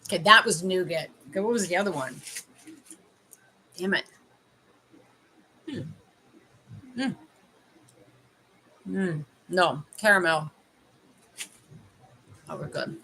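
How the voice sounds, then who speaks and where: A woman's voice: fairly low pitch, slow, pauses often, sharp tone, husky, low-quality recording. Chatty woman tasting candy on a livestream. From Canada. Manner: chatty, tasting candy while advising viewers. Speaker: life coach livestreaming. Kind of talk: casual livestream chat.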